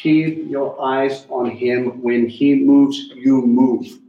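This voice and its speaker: A man preaching a sermon in an animated way, swinging between loud and hushed, and speaking directly to the people in the room. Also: mid-range voice, takes it slowly, few pauses. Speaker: teacher. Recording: echoey room.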